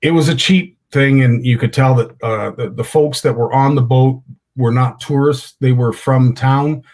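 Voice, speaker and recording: A man's voice: medium pitch, normal speed, a little mellow. A middle-aged man, hosting a fishing talk show and telling rambling anecdotes with lots of restarts. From Canada. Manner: rambling storyteller with many restarts. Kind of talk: casual chat, telling anecdotes.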